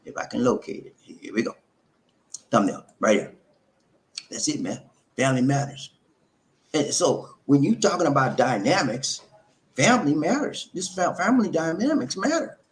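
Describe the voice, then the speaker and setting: Middle-aged male host, preachy, repetitive, lively rising pitch, slightly high voice. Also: moderate pace, long pauses. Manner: preachy, repetitive, addresses viewers as friends. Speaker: host of a relationship channel. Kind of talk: live-streamed advice talk.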